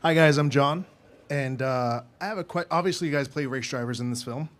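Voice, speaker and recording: A man's voice: medium pitch, a little fast. Guy from the audience asking a question, kinda fumbling, mid voice. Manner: hesitant, fumbling.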